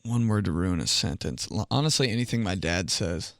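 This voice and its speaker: A man's voice: deep voice, lively intonation, a little fast, no echo, studio quality. A young man hosting a podcast, telling comic stories in a casual monologue, laughing often and mimicking voices. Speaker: podcast host.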